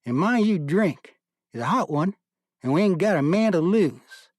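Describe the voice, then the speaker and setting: A man voicing a gruff middle-aged army major with a Southern drawl who hollers orders in rough folksy dialect. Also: high voice, animated, moderate pace, darkish tone, no echo, studio quality, pitched above the performer's own voice. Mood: commanding.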